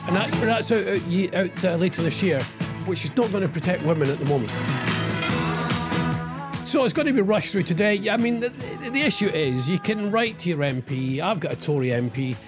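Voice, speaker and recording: A man's voice: sits high, animated, a little fast, loud music behind the voice. A middle-aged man hosting a radio show, rambling through the news with sarcastic asides and tag questions. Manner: sarcastic about politics. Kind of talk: casual radio talk reading out news items.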